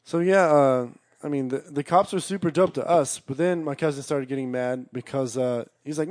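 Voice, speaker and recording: A man telling a long story in casual chat, rambling, swearing constantly, and shouting out the lines of the people he quotes. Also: medium pitch, moderate pace, hardly any pauses, dry recording, clean studio sound. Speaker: storyteller guest.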